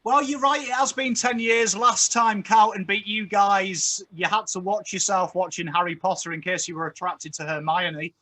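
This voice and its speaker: A man's voice: sits high, fairly even intonation, moderate pace, hardly any pauses, pushed and bright. A man trading jokes in casual banter, wry and joking. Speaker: guest.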